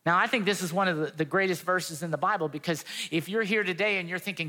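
A man's voice: sits high, lively intonation, a little fast, sharp tone. A pastor giving a sermon in an earnest, conversational way, acting out the quotes he tells. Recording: long reverb of a hall.

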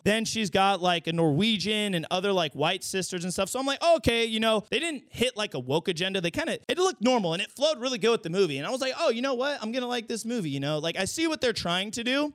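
Animated high-voiced man reviewing a movie. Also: clear, resonant tone, no echo, clean studio sound. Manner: animated and slangy, bursts into shouts. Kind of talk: casual vlog review.

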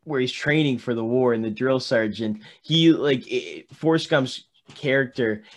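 A man chatting casually as a podcast co-host, earnest and halting, often searching for his words. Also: mid-range voice, animated. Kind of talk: casual chat about a film.

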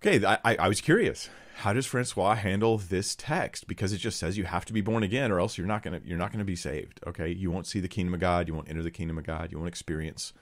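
A man's voice: low voice, quick pace, hardly any pauses. A man giving blunt, sarcastic Bible commentary to his viewers, reading verses and critiquing a teaching.

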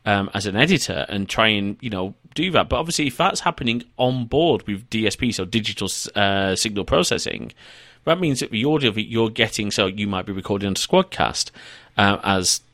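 A man's voice: lowish voice, lively intonation, a little fast, fairly bright tone, dry recording, clean studio sound. A man hosting an online interview, chatty and adding enthusiastic asides. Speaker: podcast host. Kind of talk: conversational interview.

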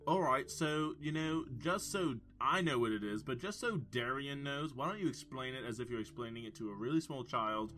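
A man plays a tabletop game in relaxed, joking banter. His voice is bright and mid-pitched. Faint music plays behind him. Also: normal speed, few pauses. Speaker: player. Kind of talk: casual tabletop role-play.

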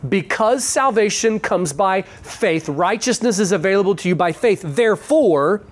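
A pastor walking a congregation through scripture in a morning sermon. The voice sits at an ordinary middle pitch and drops into slow, deliberate stretches to land key words, then circles back to restate each point a second and third way. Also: animated. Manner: slows down sharply to stress key words and phrases; restates points in repeated phrasing. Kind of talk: expository sermon.

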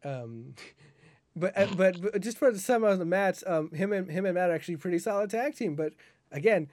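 A man with a fairly high voice co-hosts a casual wrestling podcast, stumbling through profane, rambling rants. His voice sounds dry and close, with no room around it. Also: a little mellow, dry recording. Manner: rambling profane rant with many restarts.

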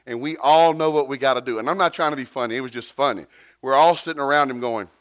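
Animated preacher man. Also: fast, no echo. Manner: animated, jumps to high pitch for quotes. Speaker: pastor. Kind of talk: sermon with storytelling.

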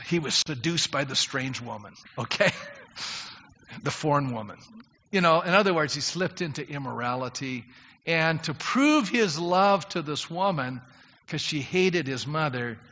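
A male pastor preaches in a bright, forceful voice that sits a little high, swinging from conversational asides to emphatic appeals. His sermon rings through a long hall reverb. The recording has a dull, lo-fi sound. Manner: emphatic, rising to loud appeals; conversational, addresses congregation directly. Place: church sanctuary.

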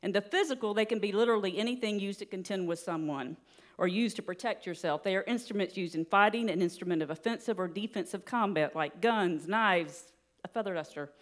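A woman giving a sermon in an earnest, steady teaching manner, with light laughs now and then. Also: medium pitch, brisk. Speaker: preacher.

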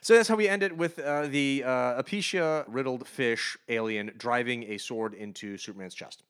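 Male podcast co-host, sarcastic animated ranter, bright tone. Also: medium pitch, moderate pace, clean tone. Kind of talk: comic book review podcast.

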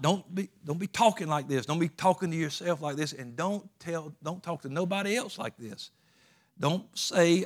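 Folksy preacher, higher voice. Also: male voice, brisk. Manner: folksy, emphatic preaching with rural Southern grammar. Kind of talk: sermon.

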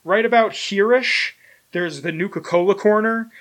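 A young man casually chatting through an unboxing, rambling and self-deprecating, with sudden bursts of loud excitement. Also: high voice, normal speed. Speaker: collector unboxing merchandise. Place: home room with collectibles shelf.

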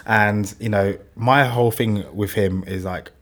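A man's voice: on the low side, fairly even intonation, a little slow, fairly bright tone. Man telling a rambling story. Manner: rambling, heavy use of "like", swears. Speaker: interview guest, business founder. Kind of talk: casual storytelling chat.

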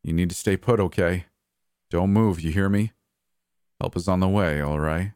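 A man voicing a shaken older brother who speaks haltingly and sternly over the phone. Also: deep voice, darkish tone, clear, resonant tone, no echo, studio quality, close to an everyday voice.

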